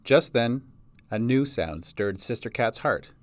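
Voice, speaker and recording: A man's voice: mid-range voice, animated, measured pace, dry recording. A man reading a fantasy story aloud as narrator. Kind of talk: audiobook narration.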